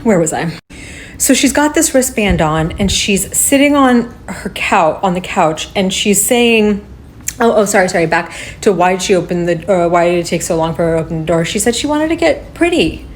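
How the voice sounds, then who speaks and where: A woman's voice: medium pitch, expressive, normal speed, a little hiss or hum. A woman giving a casual, heated recap of a video, swearing often and acting out what people said.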